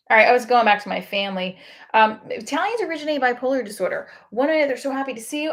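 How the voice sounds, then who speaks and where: A woman's voice: a little high, expressive, brisk. A woman comedian in a candid, rambling confessional monologue who swears freely.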